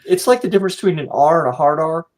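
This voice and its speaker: A man's voice: a little high, animated, rapid-fire, poor audio. Rambling American man hosting a podcast. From United States. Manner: rambling, encouraging, jokey. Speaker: podcast host. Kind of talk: casual interview chat.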